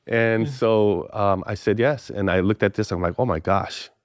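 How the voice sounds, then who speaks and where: Middle-aged pastor, animated storyteller, dry close mic. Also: male voice, moderate pace, no echo. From Hawaii. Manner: animated storyteller, acts out both sides of dialogue with pitch jumps. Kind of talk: casual storytelling podcast interview.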